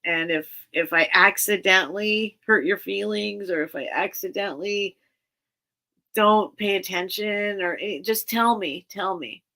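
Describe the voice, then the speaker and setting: A woman's voice: mid-range voice, measured pace, bright, forceful tone. A woman hosting a casual livestream sale, chatting with viewers in a rambling, earnest way with many restarts. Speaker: livestream seller and host.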